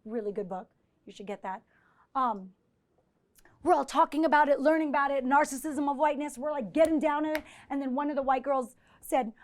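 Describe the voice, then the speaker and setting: Woman professor, high voice, live lecture with audience questions, chatty and animated, keeps asking "right?". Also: brisk. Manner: conversational, often checks in with 'right?'; animated, acts out quoted exchanges. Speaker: visiting professor giving a presentation.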